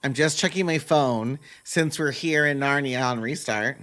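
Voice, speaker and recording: A man's voice: mid-range voice, unhurried, a bit bright. A man streaming a game live, chatting casually with viewers and thinking aloud as he plays, with the odd hum between sentences.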